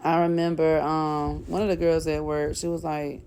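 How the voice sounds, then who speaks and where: A woman tells a personal story in an open, chatty way, often turning to her viewers to check they're following. Her voice sits a little low and has a soft, mellow tone. She speaks with open faith. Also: flat delivery, moderate pace, slight background noise. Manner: candid, chatty, speaks straight to viewers with "y'all" and "okay?"; faith-filled, calls for casting down negative words. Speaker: vlogger sharing a personal testimony. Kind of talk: emotional personal testimony.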